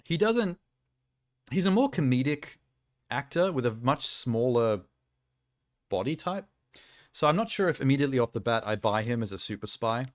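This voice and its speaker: A man's voice: mid-range voice, sing-song, normal speed, pauses often, dry recording, clean studio sound. A man streaming casual reaction chat, rambling and offhand with lots of fillers, talking around a sour lolly in his mouth.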